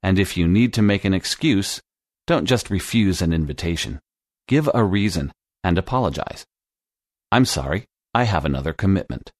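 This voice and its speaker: A man narrating a scripted English lesson podcast in a slow, clear teaching manner. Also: sits low, expressive, no room sound.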